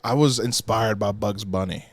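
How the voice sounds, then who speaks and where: A man's voice: on the low side, moderate pace, no echo, clean studio sound. Comedian guy in casual podcast chat. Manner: playful, profane storytelling. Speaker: guest comedian. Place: podcast studio.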